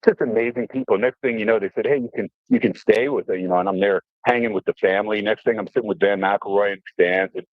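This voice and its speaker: A middle-aged man from New Jersey, a radio guest, telling animated stories full of fillers and acted-out quotes. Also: fairly low pitch, fast, hardly any pauses, no echo. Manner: animated storyteller, fillers, mimics voices. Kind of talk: casual radio storytelling. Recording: tinny phone-line audio.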